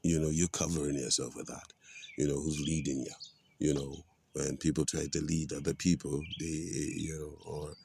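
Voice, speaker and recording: A man's voice: extremely low pitch, flat delivery, normal speed, vocal fry, a little mellow, slight background noise. A man, filled with "you know" and quoting scripture like a street preacher. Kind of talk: casual spoken monologue.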